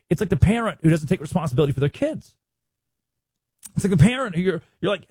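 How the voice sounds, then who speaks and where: A man's voice: on the high side, sing-song, moderate pace, pauses often, mellow, breathy edge, dry recording. A man hosting a sports show, giving emphatic, sarcastic commentary and acting out quotes.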